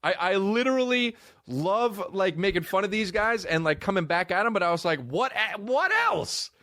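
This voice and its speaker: A man's voice: high voice, a little fast, dry recording, clean studio sound. A man telling a story in a loose, profane way and acting out what other people said. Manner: animated, profane, acts out other people's lines. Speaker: comedian. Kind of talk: storytelling chat.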